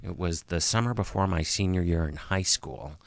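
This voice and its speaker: A man around fifty, a guest in an interview, telling a personal story in a halting way, with pauses and restarts, and audibly emotional. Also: sits low, creaky. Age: about 50.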